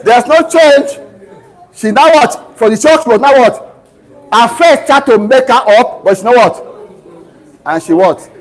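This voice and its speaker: A man's voice: very high voice, lively intonation, measured pace, long pauses, poor audio. A middle-aged man with a Nigerian accent giving a live university lecture, constantly quizzing students with half-finished sentences and explaining ideas through everyday family stories. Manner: drills students with fill-in-the-blank questions ending in "what?"; teaches through homely family anecdotes. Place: lecture room.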